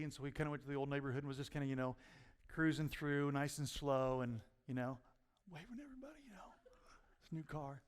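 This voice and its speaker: High-voiced pastor preaching in a hall. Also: male voice, lively intonation, fast. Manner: storytelling, rising to near-shouts at punchlines. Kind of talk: sermon. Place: church sanctuary.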